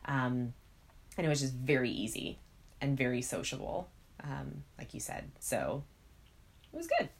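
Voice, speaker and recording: A woman co-hosting a podcast in casual chat, speaking in a measured way and thinking aloud with frequent pauses. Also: rumbling low, lively intonation, vocal fry, husky.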